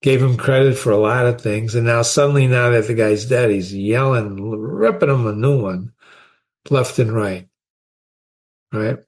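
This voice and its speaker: Guy reading old philosophy out loud and chatting about it, emphatic, keeps asking isnt that the truth. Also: mid-range voice, a little slow. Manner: emphatic, asks rhetorical questions. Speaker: host reading and discussing philosophy. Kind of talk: reading aloud with conversational commentary.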